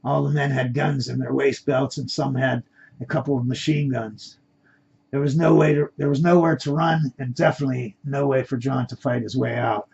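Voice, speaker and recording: A man's voice: medium pitch, fairly even intonation, moderate pace, vocal fry, a little mellow, slightly rough, lo-fi sound. A man reading his own story aloud in a plain amateur way, with stumbles and restarts.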